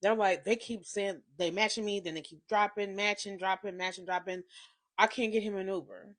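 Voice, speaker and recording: Woman in her 30s telling a messy story to camera, super animated, cusses, goes quiet then loud. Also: mid-range voice, a little fast. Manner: animated, profane, swings between hushed and loud. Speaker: vlogger. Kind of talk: casual confessional storytelling.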